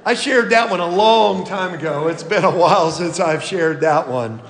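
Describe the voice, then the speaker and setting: A male pastor preaching a sermon in a church, reading scripture slowly and deliberately. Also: high voice, a bit bright, roomy sound, big-room sound.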